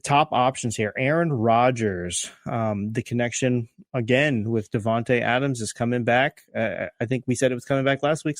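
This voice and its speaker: A man's voice: medium pitch, no echo, studio quality. Rambling, joking male podcast co-host. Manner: rambling, many fillers and restarts, joking. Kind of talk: casual podcast chat.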